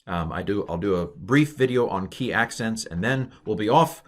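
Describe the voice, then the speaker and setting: A middle-aged man calmly explaining a language lesson in a recorded online course, with frequent ums and uhs. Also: lowish voice, moderate pace. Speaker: Hebrew teacher.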